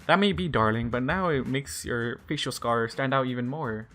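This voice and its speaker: A man's voice: medium pitch, moderate pace, a bit bright, soft background music, close to an everyday voice. A man voicing a posh, dramatic and fussy pony mare, with a theatrical, stammering delivery. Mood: shocked, fussy.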